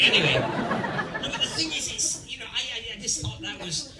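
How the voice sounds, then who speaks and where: Speaking at moderate pace in a very high, sing-song voice, this older Scottish man entertains a convention audience with anecdotes and laughing asides as a panel guest. He sits far from the mic, and the large hall sounds echoey, with a crowd present.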